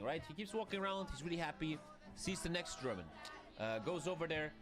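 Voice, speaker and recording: A man's voice: a little high, animated, fairly quick, over music. A man telling a joke in a storytelling way, often adding "right?" and "man".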